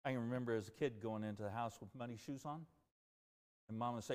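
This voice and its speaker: A man's voice: a little high, quick pace. Earnest male pastor preaching in reverb. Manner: earnest, animated preaching that rises and drops. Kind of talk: sermon. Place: church sanctuary.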